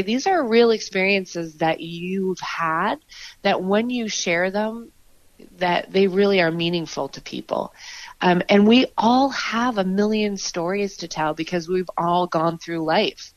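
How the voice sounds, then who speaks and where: A woman's voice: mid-range voice, no echo, highs cut off. A woman improv performer as a podcast guest, talking in an earnest, reflective way with frequent fillers and restarts. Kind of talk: conversational interview.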